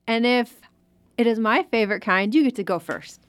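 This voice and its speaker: A woman from Wisconsin hosting a podcast on sermon planning, moving the talk along briskly and reading a scripture passage aloud. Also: a little high, clean tone, dry recording. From Wisconsin, USA. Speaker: podcast host and producer.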